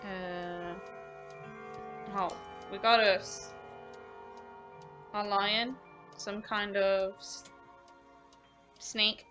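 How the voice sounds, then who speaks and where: A woman's voice: medium pitch, fairly even intonation, extremely slow, pauses often, a bit bright, faint music behind. A woman streamer giving giggly, rambling let's-play commentary over a mystery game.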